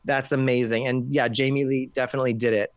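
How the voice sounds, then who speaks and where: A man talking about films in casual chat, quick and enthusiastic, with many restarts. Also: medium pitch, little pitch movement, clear, resonant tone, no room sound. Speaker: film critic.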